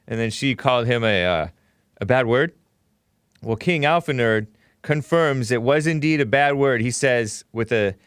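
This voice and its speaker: A man's voice: mid-range voice, fairly bright tone, clean tone, no echo, clean studio sound. A man hosting a call-in talk show, chatting casually, laughing often and reading viewer messages aloud. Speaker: host.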